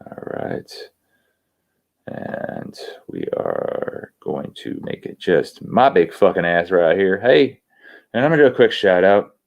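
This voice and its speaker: A man hosting a livestream, swearing constantly as he rants excitedly and reads out viewer shout-outs. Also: deep voice, slow pace, gravelly. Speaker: livestream host. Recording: dull lo-fi stream audio.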